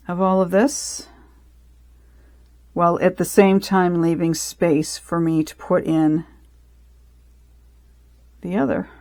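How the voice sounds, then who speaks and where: Woman crafter, casual running commentary, slightly low pitch, dry close sound, rambling. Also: darkish tone, no echo. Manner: rambling, self-correcting, thinking aloud. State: out of breath. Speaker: resin crafter.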